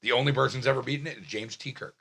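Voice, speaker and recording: Loud, gravelly young man telling stories. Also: mid-range voice, racing. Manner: loud, profane and excitable, acts out voices. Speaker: comedian guest. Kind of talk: animated storytelling in casual chat.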